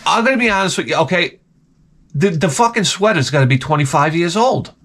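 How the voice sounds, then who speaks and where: A middle-aged man rants to his viewers in a sarcastic, profane way, his voice sitting a bit high and swinging widely in pitch as he tells his stories. He often jumps up into mocking higher tones and then drops low and quiet. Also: a little fast, slight background noise. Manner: profane, sarcastic, animated storytelling. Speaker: vlogger. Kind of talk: casual rant to camera. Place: home.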